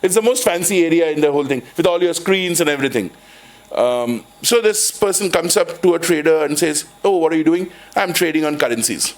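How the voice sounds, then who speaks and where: In a lecture hall, a finance professor with an Indian English accent rambles through his university lecture, restarting often, saying "kind of," and telling jokey anecdotes. His voice is a little high, expressive and brisk.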